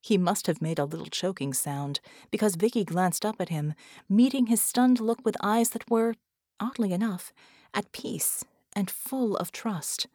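A woman narrating an audiobook in a measured way, at times dropping into a whisper. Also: medium pitch, darkish tone, dry recording, studio quality. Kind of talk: scripted narration.

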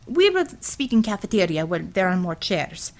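A woman's voice: lowish voice, big pitch swings, moderate pace, a little mellow. A woman voicing a blunt, proud Russian woman commissar with a Russian accent, speaking in clipped phrases without articles in an audiobook. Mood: stern. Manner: clipped, drops articles, formal. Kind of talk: audiobook character voice.

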